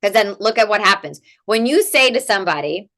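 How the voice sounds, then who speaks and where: A woman guest expert explaining in a conversational interview, animated and peppered with "like" and "right?" tags. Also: mid-range voice, brisk. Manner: animated, rhetorical "right?" tags, many "like" fillers. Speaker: guest expert in family coaching.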